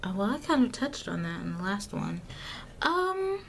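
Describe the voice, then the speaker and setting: A woman's voice: fairly low pitch, lively intonation, fairly quick, vocal fry, a little hiss or hum. A young woman filming herself at home for a casual vlog, rambling and correcting herself, with lots of fillers and asides. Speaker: vlogger. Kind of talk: casual self-filmed vlog talk. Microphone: camera mic, self-filmed.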